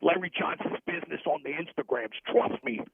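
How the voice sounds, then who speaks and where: A man doing a gravelly Jersey hustler on the phone. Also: animated, fairly quick, dry recording, exaggerated voice. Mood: boastful. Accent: North Jersey. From New Jersey. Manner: boastful rambling pitchman, hard sell. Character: brash, shady middle-aged Jersey hustler man. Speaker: comic caller character. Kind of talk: comedic sports radio bit. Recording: tinny, dry phone line.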